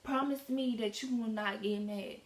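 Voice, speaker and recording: A teenage girl voicing her best friend as a girl who passes on a secret in a hushed, rushed way. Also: on the high side, steady tone, lightly acted. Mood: urgent. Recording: echoey room.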